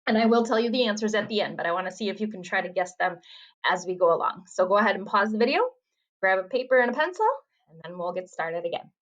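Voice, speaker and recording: A woman teacher giving a video lesson, patiently explaining and reading short poems slowly and expressively. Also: medium pitch, expressive, a bit bright, lo-fi sound. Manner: patient, encouraging, reads poem lines slowly and expressively. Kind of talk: reading picture book aloud in a video lesson.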